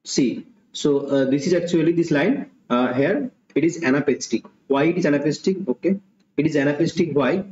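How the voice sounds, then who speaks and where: A man tutoring a live online exam-prep lesson, unhurried and repetitive, with many okays and uh's. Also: fairly high pitch, animated, a little mellow. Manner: unhurried, repeats himself, frequent okays and uh's. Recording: dull, roomy, faint hiss.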